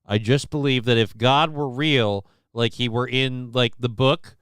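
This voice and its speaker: A man's voice: mid-range voice, fairly even intonation, a little slow, a bit bright, clear, resonant tone, dry recording, studio quality. A man hosting a late-night livestream, chatting casually and cracking crude jokes over clips. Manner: crude joking, acts out voices. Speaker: show host.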